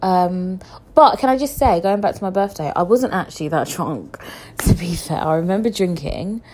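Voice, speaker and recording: A young woman chatting casually to camera as a vlogger, excitable and quick to laugh and swear. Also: fairly low pitch. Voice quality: visually impaired speaker.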